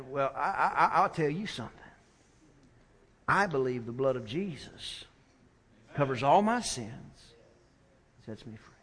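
A preacher man delivers his sermon in a voice that rings bright and forceful. He drops to near-hushed asides, then builds to slow, emphatic, loud declarations. The church sanctuary wraps his voice in a long reverb. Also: high voice, very animated. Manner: preaching with big swings from quiet to loud, slow emphatic stretches. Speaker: pastor.

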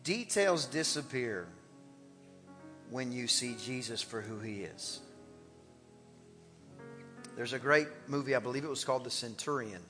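A man preaching an animated, exclamatory sermon as pastor of a church. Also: medium pitch, measured pace, pauses often, in a large hall, faint music behind.

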